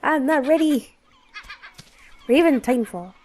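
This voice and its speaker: A woman giving casual let's play commentary, reacting out loud with exclamations and laughs. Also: sits high, a little slow, low-quality recording. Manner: expressive, exclaims and laughs at the game.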